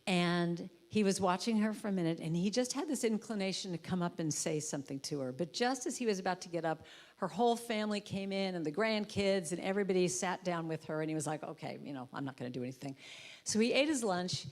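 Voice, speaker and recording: A woman's voice: on the low side, a little fast. A woman giving a storytelling sermon in a church, acting out the voices in her stories. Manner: warm conversational storytelling, acts out voices. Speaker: guest speaker and musician. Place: church sanctuary.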